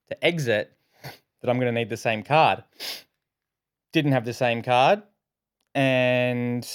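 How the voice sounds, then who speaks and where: Casting: Australian man, podcast co-host, animated storyteller who swears freely, mid pitch, dry close mic. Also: no echo. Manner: animated, heavy swearing, acts out his own quotes. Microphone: podcast microphone.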